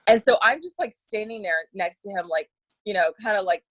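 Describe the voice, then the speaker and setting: A woman chatting as a podcast guest, spinning a lively anecdote and laughing as she goes. She mimics other people's voices mid-story and leans on lots of "like" fillers. Her pitch sits in a middling range, and the recording is dry and close, with no room echo. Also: a little fast. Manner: animated, acts out quoted voices, many "like" fillers; laughs often while telling.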